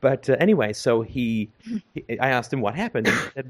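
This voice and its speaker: A man's voice: mid-range voice, animated, a little fast. A middle-aged man from Canada telling a long casual anecdote, rambling with many fillers and restarts. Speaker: storyteller in conversation.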